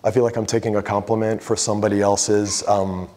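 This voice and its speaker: A man giving a casual artist talk as a photographer, telling a story with lively quoted voices and frank swearing. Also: lowish voice, brisk.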